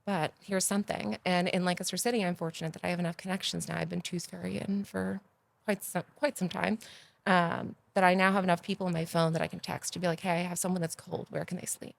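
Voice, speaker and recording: Gravelly-voiced woman telling lively stories. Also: on the low side, fast. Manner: animated, gets loud and excited retelling stories. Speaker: podcast guest, agency founder. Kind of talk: casual interview storytelling.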